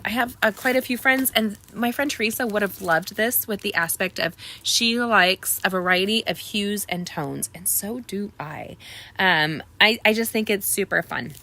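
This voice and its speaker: A woman hosting a casual card making tutorial, chatty and rambling with lots of ums, pitching offers to viewers. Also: bright, forceful tone. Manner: upbeat sales pitch to viewers. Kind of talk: casual live craft tutorial.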